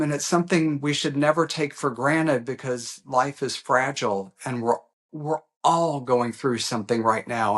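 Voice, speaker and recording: A man, an author being interviewed, speaking earnestly and emotionally with frequent hesitant pauses. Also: mid-range voice. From USA. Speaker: author guest. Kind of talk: heartfelt interview conversation.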